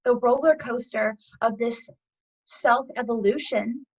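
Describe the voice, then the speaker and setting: A woman with a fairly high voice tells a story in an interview, animated and chatty and full of small fillers. She speaks as a yoga teacher sharing a lesson. The audio is a little muffled and lo-fi. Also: slow pace, husky. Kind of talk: storytelling a parable in conversation.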